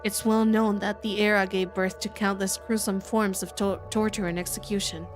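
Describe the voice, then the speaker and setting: A woman voicing a composed adult female researcher in a visual novel readalong, speaking in a measured, lecturing way. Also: medium pitch, level tone, music in the background, close to an everyday voice. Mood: calm.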